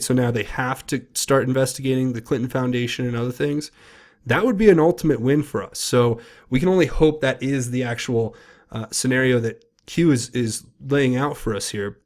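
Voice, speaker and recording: A man's voice: mid-range voice, fairly even intonation, brisk. A man hosting solo political commentary, reading posts aloud in a casual, rambling, emphatic way with many fillers and restarts.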